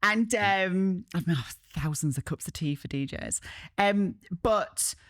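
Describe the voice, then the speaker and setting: A woman's voice: mid-range voice, slow pace, no room sound, studio quality. A woman with a Barnsley Yorkshire accent, guesting on a podcast and telling self-mocking stories in a chatty way. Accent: Barnsley Yorkshire, softened. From Barnsley, Yorkshire, England. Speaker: radio presenter, guest. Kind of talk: relaxed podcast chat.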